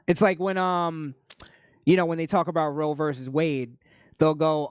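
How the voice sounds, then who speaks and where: A man's voice: fairly high pitch, flat delivery, moderate pace, clear, resonant tone, dry recording, clean studio sound. A man hosting a podcast, giving opinionated political commentary in an emphatic way, repeating his points with frequent restarts. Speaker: podcast host.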